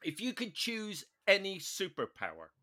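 A man's voice: high voice, wildly swooping pitch, normal speed, bright, forceful tone. A man with a Northern Irish accent hosting a podcast, chatting casually with dry, joking asides. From Northern Ireland. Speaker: podcast host. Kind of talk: casual comedic chat.

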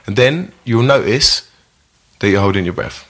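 A man, an actor telling a story in a relaxed podcast chat, swearing freely. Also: fairly low pitch, normal speed. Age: 30s. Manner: swearing, storytelling, self-correcting. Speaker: actor guest.

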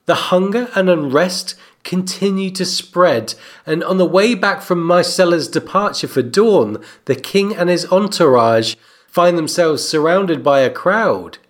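A man co-hosting a book and TV discussion, speaking in a measured, analytical way. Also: high voice, expressive. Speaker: co-host. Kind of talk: book and TV analysis with read-aloud passages.

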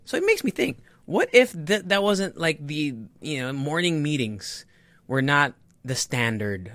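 Casual solo talker, male, mid pitch, rambling jokey delivery with swearing, recorded dry and close. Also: a bit bright, no echo. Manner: rambling, self-correcting, joking with profanity. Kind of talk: casual solo chat reacting to an article.

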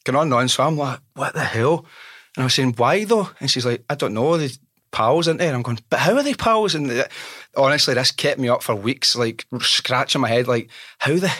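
A Scottish man hosting a podcast, telling stories in a lively, animated, casual way. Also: medium pitch, fairly quick, no room sound, studio quality. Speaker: podcast host. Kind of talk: casual interview chat.

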